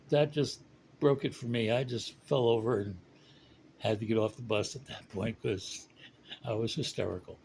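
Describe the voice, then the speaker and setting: A man casually telling a long joke, rambling with fillers and slowing down for punchlines. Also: medium pitch, creaky, darkish tone, slight background noise, low-quality recording. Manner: rambling, chuckling, slows for punchlines. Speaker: storyteller.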